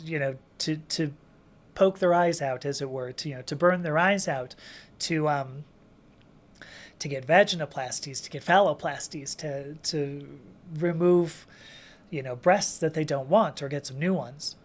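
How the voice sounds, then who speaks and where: With a low voice and a measured pace, a woman hosts a casual livestream Q&A, chatting and reading viewer comments aloud. She laughs often and frequently restarts her sentences while answering chat questions.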